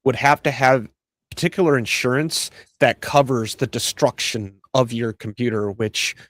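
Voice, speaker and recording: A man's voice: mid-range voice, steady tone, normal speed, fairly bright tone, no room sound, clean studio sound. Matter-of-fact man in casual talk. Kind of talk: casual podcast discussion.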